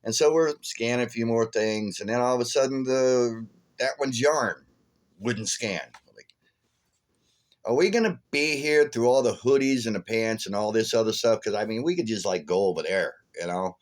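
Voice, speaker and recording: A man's voice: mid-range voice, moderate pace. A tired man vlogging, telling a rambling, chuckling story full of fillers. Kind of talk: casual storytelling.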